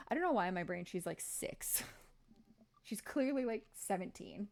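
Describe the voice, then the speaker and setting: A woman's voice: mid-range voice, lively intonation, unhurried, creaky, a little mellow. A woman streaming a game, making playful, self-mocking asides between reading the dialogue. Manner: playful, laughs at herself. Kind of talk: casual gaming commentary.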